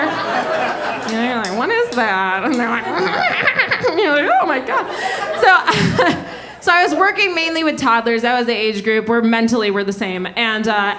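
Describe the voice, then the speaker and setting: A woman, performing a self-mocking stand-up comedy set in an animated way on a comedy club stage. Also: on the high side. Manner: animated, self-mocking, laughing through lines.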